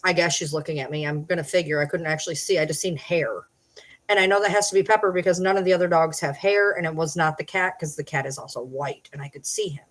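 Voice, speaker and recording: A woman vlogging casually at home at night, chatting to the camera and calling and scolding her dogs in a high sing-song. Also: fast talker, low-quality recording.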